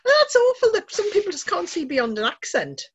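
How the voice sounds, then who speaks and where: A woman's voice: very high voice, big pitch swings, normal speed, dull audio. A woman hosting a casual chat, enthusiastic and encouraging toward her guest. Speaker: podcast host.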